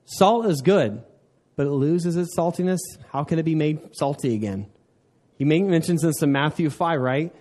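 A man's voice: on the high side, moderate pace, darkish tone. A young man preaching a sermon as pastor, conversational and self-deprecating, asking the congregation questions and joking.

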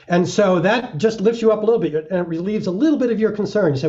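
A middle-aged man talks earnestly as an interview guest, slipping into little acted-out examples. His voice is mellow and a little high for a man, heard through a dull, lo-fi recording. The pace is steady and reflective. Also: quick pace, hardly any pauses. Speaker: mountaineer guest.

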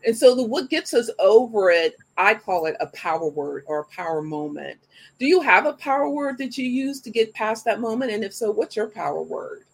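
A woman's voice: on the high side, animated, normal speed, gravelly, breathy edge. A woman hosting a live show, chatting in an upbeat way and talking straight to her audience before asking her guest questions. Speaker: show host. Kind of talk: live show interview chat.

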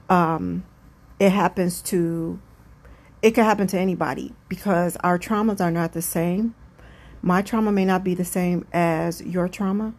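A woman's voice: on the low side, darkish tone. A woman hosting her own podcast, talking alone at home late at night in a rambling, chatty, self-aware way. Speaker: podcast host. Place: home room with windows open.

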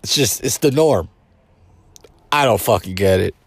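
Blunt, profane man with a low voice. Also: expressive, measured pace, slightly rough, dry recording. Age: adult parent. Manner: blunt and profane, rambling with many fillers. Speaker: podcast host. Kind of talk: casual monologue.

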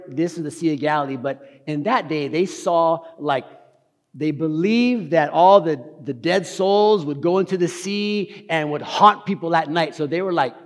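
A man preaching a casual, animated sermon, talking fast and tossing in slang. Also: fairly high pitch, big-room sound. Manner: talks fast. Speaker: pastor. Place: church hall.

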